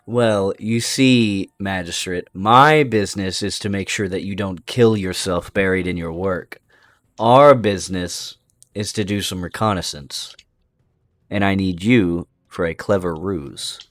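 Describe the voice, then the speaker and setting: A man voicing a smooth, flirtatious male rogue who speaks in slow, theatrical flattery. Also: sits low, no echo. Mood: suave. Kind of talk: tabletop role-play voicing.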